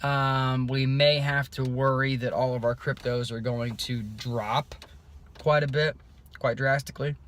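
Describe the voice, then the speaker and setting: A man giving a casual, rambling video update, loose and unscripted, with many pauses and restarts. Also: mid-range voice, steady tone, fairly bright tone, a little hiss or hum. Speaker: crypto vlogger.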